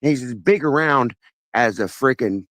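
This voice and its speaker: On a call-in show, a male caller relates a lengthy personal story in a casual, earnest way, wandering and starting over many times. His mid-range voice is expressive and a bit bright, at a normal speed, with no echo.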